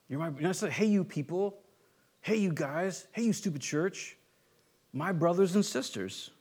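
A man preaching a conversational sermon as a pastor, acting out quoted voices as he goes. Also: on the high side.

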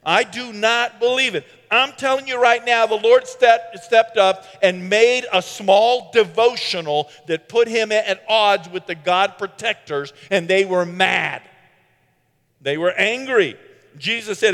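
A man preaching a sermon in an animated way, with sarcastic asides, swinging from loud to hushed. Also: sits high, unhurried, long reverb tail.

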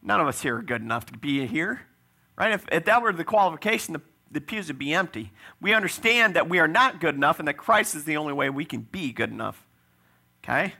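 A man preaching a sermon with a fairly high, bright voice. A gravelly edge runs through his speech as he talks easily with the congregation, tossing in quick "right?" asides. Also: expressive. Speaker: pastor.

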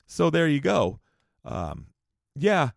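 A man's voice: on the high side, wildly swooping pitch, slow, vocal fry, no echo, studio quality. An American man telling a travel story in a loose, profane, rambling way, breaking off into rants. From United States. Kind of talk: casual storytelling.

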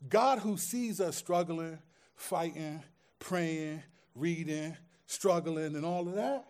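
Male pastor, high-pitched, impassioned sermon delivery, hushed lows to loud peaks, repeats lines for emphasis. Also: takes it slowly.

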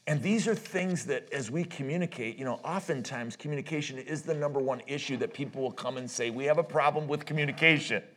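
Husky, animated middle-aged male preacher. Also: medium pitch. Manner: animated storyteller who laughs at his own stories; loose, halting delivery with many restarts. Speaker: marriage conference speaker. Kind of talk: conversational sermon with personal stories. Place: church.

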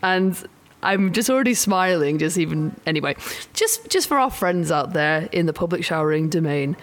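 A woman's voice: lowish voice, animated, moderate pace. A woman hosting a podcast, bubbly and enthusiastic, laughing a lot. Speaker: podcast host. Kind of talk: casual chat.

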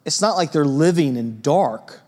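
A man preaching a sermon in a church, conversational and lively, with a storytelling manner and frequent asides to his listeners. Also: fairly high pitch, a little slow. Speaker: pastor.

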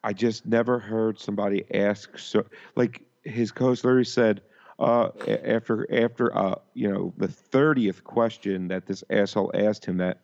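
A man's voice: fairly low pitch, steady tone, moderate pace, creaky, darkish tone. A man co-hosting a podcast in casual chat, often stopping and restarting his sentences. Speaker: podcast co-host. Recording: dull lo-fi sound.

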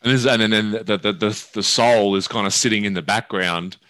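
A male podcast host speaks in a reflective, casual way, often restarting his sentences. His voice sits lowish but has a bright, forceful edge, recorded close and dry. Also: fairly even intonation, normal speed, dry recording.

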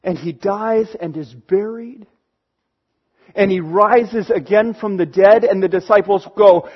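High-voiced man preaching a sermon. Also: a little slow, darkish tone, breathy edge. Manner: earnest, builds to emphatic peaks. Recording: dull lo-fi recording.

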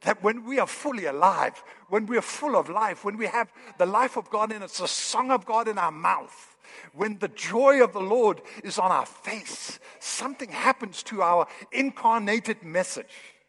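A man preaching a sermon in a church, with animated, building emphasis. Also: high-pitched, unhurried, slightly rough, long reverb tail. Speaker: pastor. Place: church hall.

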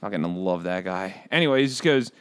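A man playing a brash, excitable bird who hosts a comedy podcast, rambling through profane, pun-filled stories. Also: low voice, a little fast, clear, resonant tone, no echo. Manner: rambling, profane, punning, riffs on asides. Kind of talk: comedic character monologue.

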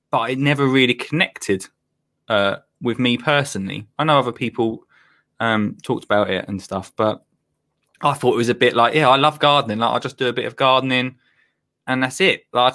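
Bright-voiced chummy man. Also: medium pitch. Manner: rambling, laughs easily, chummy. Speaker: podcast host. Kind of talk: casual chat.

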